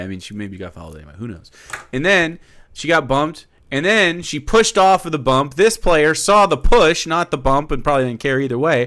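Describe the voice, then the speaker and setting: A man live streaming, reacting to clips in loud, profane, animated rants. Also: on the high side.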